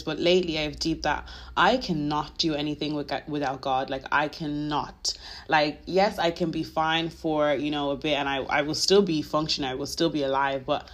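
A podcast host giving a casual faith talk, earnest and confessional, rambling with lots of filler phrases. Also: medium pitch. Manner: emotional, confessional.

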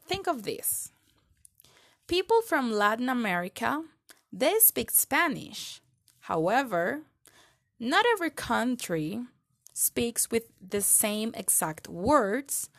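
A woman hosting a podcast, giving an earnest, encouraging monologue with reflective questions. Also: medium pitch. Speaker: podcast host.

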